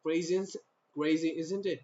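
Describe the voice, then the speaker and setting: A man's voice: a little high, fairly even intonation, moderate pace, darkish tone. Rambling man from North India, lo-fi. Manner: rambling, with repeated phrases and stop-start sentences. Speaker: vlogger. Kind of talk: rambling to-camera monologue.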